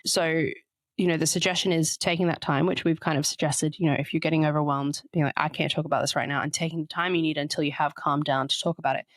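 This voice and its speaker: A woman's voice: deep voice, steady tone, fast, no room sound. A woman co-hosting a relationship podcast, explaining ideas in a chatty way and reading out short quotes. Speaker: podcast co-host. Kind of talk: casual podcast chat.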